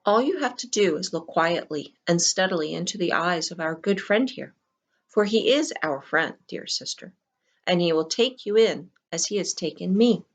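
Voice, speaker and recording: A woman voicing a hypnotized little boy in a storybook reading, speaking in a bland, calm, reasonable way. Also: lowish voice, normal speed. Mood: eerily calm. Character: boy, the young protagonist's hypnotized little brother, cold and eerily calm.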